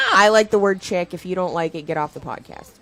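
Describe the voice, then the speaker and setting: A woman's voice: medium pitch, huge pitch swings, moderate pace, creaky, very noisy. A woman in her thirties co-hosting a podcast in casual chat, giggly and playful, at times reading notes aloud. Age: 30s. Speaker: podcast co-host.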